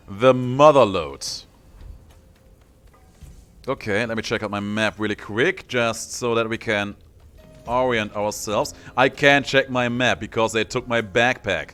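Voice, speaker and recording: Man, gaming host, let's play commentary, playful asides, soft music underneath. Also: medium pitch.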